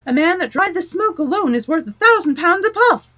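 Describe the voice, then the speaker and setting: A woman's voice: very high voice, animated, a little fast, sharp tone, pitched above the performer's own voice, heavily acted. A woman voicing a chorus of many passengers chanting in a sing-song way.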